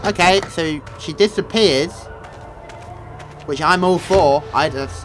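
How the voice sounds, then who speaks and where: A young gaming video host gives jumpy, joking commentary over a horror game, swearing and yelping when startled. His slightly high voice goes slowly on a rough recording, with loud game music behind it.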